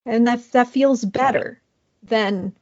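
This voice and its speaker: A woman therapist talking as an interview guest, in a casual, animated way. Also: on the high side, slow, muffled recording. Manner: animated, acts out quoted voices.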